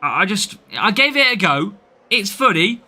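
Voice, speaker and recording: A young man with a Midlands accent commentates his mobile racing game live, talking casually to his viewers and welcoming them one by one. His voice is very bright and sharp, and it sits a little high for a man. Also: very animated, normal speed. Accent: English Midlands. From English Midlands. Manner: chatty, reads out and answers viewer names. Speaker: game streamer.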